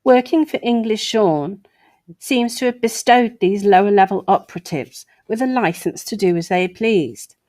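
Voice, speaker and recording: A woman's voice: medium pitch, normal speed, darkish tone, no echo. A woman hosting her own show, reading an article aloud and breaking off for sarcastic asides. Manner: sarcastic asides between read passages. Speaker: host.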